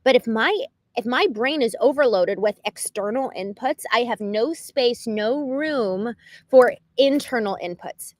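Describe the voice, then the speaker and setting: A woman hosting a livestream, talking unscripted in an earnest, animated way, with lots of "like" and quick restarts. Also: a little high, no echo, rough recording. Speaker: livestream host. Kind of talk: unscripted reflective monologue.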